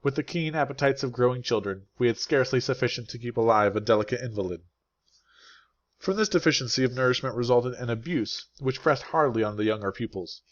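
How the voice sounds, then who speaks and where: A man, an English teacher, narrating a classic novel aloud in a steady, clear and unhurried way. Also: mid-range voice, muffled recording. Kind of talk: scripted audiobook narration.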